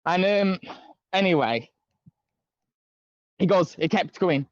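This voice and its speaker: A man recounts a long story over a video call, rambling and restarting often. His voice sits a little high for a man. The call audio is dull and muffled, and the sound is dry and close with no room echo. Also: animated, slow, long pauses. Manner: rambling, many fillers and restarts. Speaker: guest caller. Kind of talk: casual storytelling chat.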